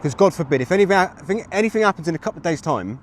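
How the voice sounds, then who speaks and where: Livestreaming from a street full of traffic, this Englishman in his thirties chats and rambles to viewers through his phone mic. His voice is fairly high and animated, and he speaks at a racing pace.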